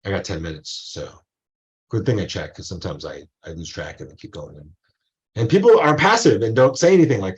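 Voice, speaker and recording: A man's voice: on the low side, lively intonation, brisk, lo-fi sound. A male college professor giving a casual online lecture, rambling into asides and acting out quotes.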